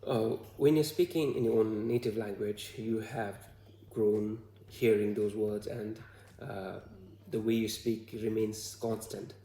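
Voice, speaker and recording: A man with a Bhutanese accent speaks in a low, dark, mellow tone with a gravelly edge. He talks to the camera haltingly and stops often on fillers. The room around him sounds echoey. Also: steady tone. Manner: hesitant, halting, with many fillers. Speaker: vlogger. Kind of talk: casual talk to camera.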